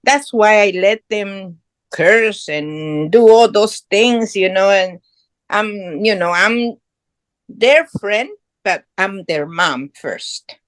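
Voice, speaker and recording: A woman's voice: mid-range voice, takes it slowly, no echo. A middle-aged woman from Guatemala, a podcast guest telling her story in earnest, proud, English. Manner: earnest, proud, non-native English phrasing. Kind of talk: casual conversational storytelling.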